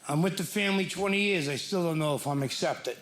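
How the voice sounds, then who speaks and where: A man's voice: on the high side, fast, roomy sound, noisy background. New man doing stand-up. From Irish-American from New Jersey. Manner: self-deprecating storytelling, stuttering bits, rising to shouted punchlines. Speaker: stand-up comedian. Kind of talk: stand-up comedy set. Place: comedy club stage with live audience.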